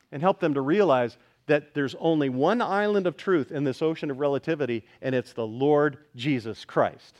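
A man preaching a sermon to a congregation, emphatic and questioning, rising at times to shouts. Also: fairly high pitch, moderate pace, hardly any pauses. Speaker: pastor.

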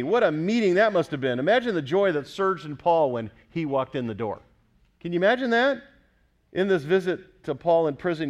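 Guy preaching a sermon, kinda high voice, pushes hard and keeps asking the crowd stuff. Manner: emphatic, questions the congregation often. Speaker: pastor.

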